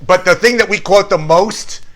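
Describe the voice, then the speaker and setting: Bright, eager man chatting about a film. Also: high-pitched, normal speed. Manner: enthusiastic, quotes movie lines in playful voices. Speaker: podcast co-host. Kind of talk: casual chat.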